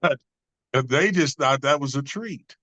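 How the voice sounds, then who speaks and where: A man's voice: medium pitch, a little slow, fairly bright tone, no echo, rough recording. A man telling a personal story in a conversation, earnest and preacher-like in his cadence. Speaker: guest.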